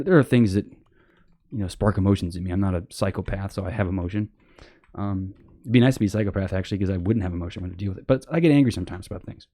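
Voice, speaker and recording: A man rambles through a blunt, casual monologue in a low, mellow voice, full of fillers and the odd curse. He jumps into high, sarcastic voices to mock other people. The sound is dry and close. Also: no echo. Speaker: podcast host.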